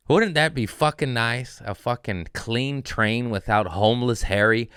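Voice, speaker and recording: A man's voice: mid-range voice, animated, slow pace, sharp tone, clear, resonant tone, no room sound, studio quality. A man doing a comedic podcast monologue, riffing casually and breaking into profane rants with self-mocking asides. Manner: profane ranting with rising outbursts.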